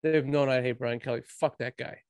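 A man's voice: medium pitch, steady tone, a little fast, a little mellow, smooth, no room sound. A man co-hosting a sports show, ranting heatedly with constant swearing in casual chat. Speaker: sports podcast co-host.

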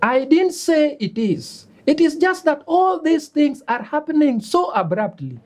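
A woman with a Kenyan accent playing a calm, pointedly critical female college student. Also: sits high, unhurried. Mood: reproachful. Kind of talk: web series acting.

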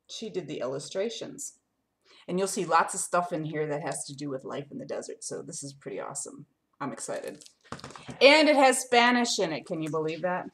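Animated woman reading a picture book. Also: deep voice. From lives in Arizona desert. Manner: animated, sing-song, talks directly to young listeners. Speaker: children's book reader.

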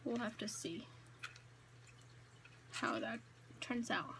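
A young woman vlogger talks to her viewers from home, indoors, in a relaxed eat-with-me video. Her slightly high voice is slow with vocal fry, and she rambles with many fillers and self-corrections. A faint room hum runs underneath.

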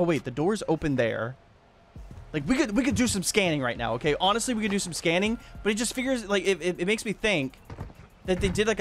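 A man giving excited, laughing commentary over his own gameplay as a video host, jumping between shouting and muttering. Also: high-pitched, a little hiss or hum. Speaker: gaming YouTuber.

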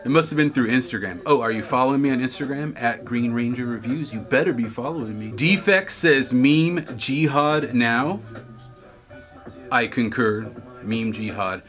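A man's voice: medium pitch, brisk, few pauses, a bit bright, faint music behind. A man hosting his own video, reading viewer comments aloud and answering with wisecracks and laughs. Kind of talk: casual chat.

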